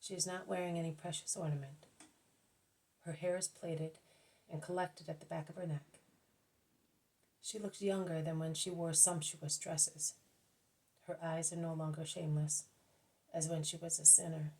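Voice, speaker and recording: A woman reading a devotional book aloud at a careful, measured pace, now and then correcting herself. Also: sits low, level tone, darkish tone, rough recording. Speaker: audiobook reader.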